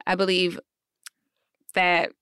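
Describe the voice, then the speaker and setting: A lowish-voiced woman actress with a country urban Southern US accent, speaking candidly and laughing between stories. The sound is close and dry, with no room echo. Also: completely flat delivery, takes it slowly, pushed and bright, clear, resonant tone. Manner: candid, storytelling, laughs often. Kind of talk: casual podcast conversation.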